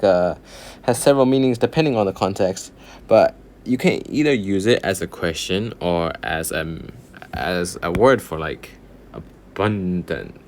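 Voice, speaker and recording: A man's voice: low-pitched, a little mellow, a little hiss or hum. A man teaching a casual online language lesson, patiently repeating words and counting strokes aloud.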